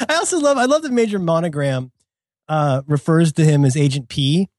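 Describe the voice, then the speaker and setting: A middle-aged man chatting as a podcast co-host, playful and animated, slipping into goofy bits. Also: fairly high pitch, normal speed, dry recording, clean studio sound. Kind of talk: casual chat.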